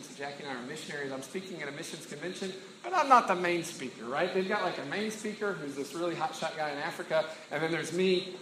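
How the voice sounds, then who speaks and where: Man, middle-aged, pastor, casual sermon, slightly high voice, echoey hall. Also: a bit bright, slight background noise. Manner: casual, conversational preaching with many fillers and restarts. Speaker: campus ministry pastor.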